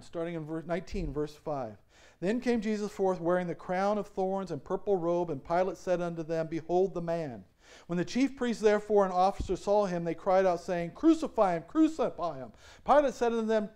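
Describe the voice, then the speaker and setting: Man, pastor, high-pitched, lively questioning sermon delivery with frequent laughs. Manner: asks the congregation questions and lets them answer. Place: church sanctuary.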